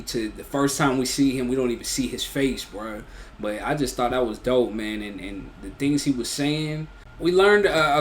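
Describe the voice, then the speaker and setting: A man giving a casual, rambling spoken review of an anime, full of slang and repeated "you feel me" and "bro". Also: medium pitch. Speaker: anime reaction YouTuber.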